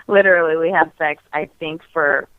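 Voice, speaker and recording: A woman with a low-pitched voice, guesting on a podcast, tells a personal story casually and frankly, giggling often and saying "like" constantly. The recording is dry with no room sound, thin and phone-like.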